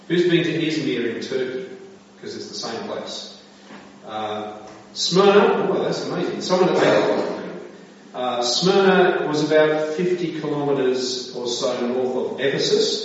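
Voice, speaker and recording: A man's voice: fairly high pitch, slight background noise. A man preaching to a congregation, telling a joke and asking the room questions. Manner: storytelling, asks the congregation questions. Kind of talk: sermon with a joke. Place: church hall. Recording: distant echoey hall, dull sound.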